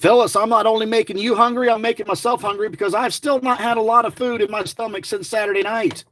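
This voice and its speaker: High-voiced, rambling middle-aged man. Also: fairly even intonation, quick pace, fairly bright tone, no echo. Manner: rambling, chatty, grumbling, jokey. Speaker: lottery scratch-off vlogger. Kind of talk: casual running commentary to viewers.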